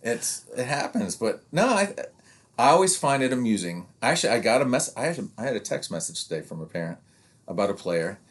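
A man's voice: mid-range voice, fairly quick. Rambling man in his fifties. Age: 50s. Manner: rambling, animated, acts out quoted parents. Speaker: youth sports coach and podcast co-host. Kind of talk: casual podcast chat.

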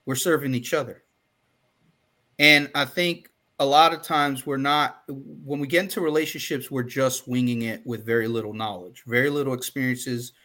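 This male podcast co-host has a medium pitch and a steady tone, speaking at a moderate speed. In the casual conversation he comes across as earnest and emphatic, at times growing loud and worked up.

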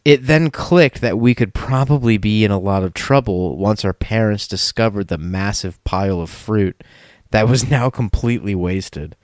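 A man's voice: fairly low pitch, moderate pace, dry recording, studio quality. A man hosting a podcast, reading a listener's letter aloud in a loose, casual chat. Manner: lively, laughing, loose. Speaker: podcast host.

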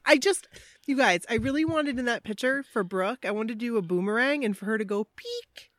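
A woman's voice: a little high, animated, brisk, a bit bright, dry recording. A woman co-hosting a podcast in casual chat, reading a listener's story aloud and breaking off for laughing asides. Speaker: podcast co-host.

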